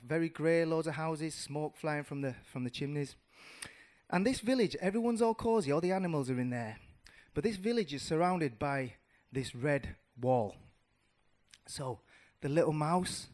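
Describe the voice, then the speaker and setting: Animated man telling a story with slang. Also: on the high side. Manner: animated, restarts and fillers, street slang. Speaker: audience member. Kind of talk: casual storytelling.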